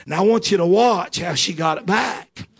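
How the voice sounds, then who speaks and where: A man preaching a sermon as a story, peppering it with amen and repeating lines as he builds to fervent shouts. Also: sits high, moderate pace, gravelly, breathy edge. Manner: punctuates phrases with amen.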